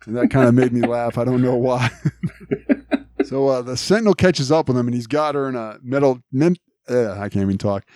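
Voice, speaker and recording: A man's voice: medium pitch, brisk, a little mellow, no room sound, clean studio sound. A man co-hosting a podcast, casually recapping a cartoon episode, laughing often and quoting lines. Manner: laughs often, recounts scenes with quoted lines. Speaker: podcast co-host.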